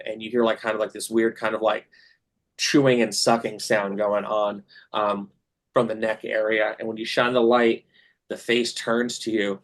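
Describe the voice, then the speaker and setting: A man's voice: fairly low pitch, a bit bright. A man running a tabletop game as game master, narrating scenes with many fillers and hesitations.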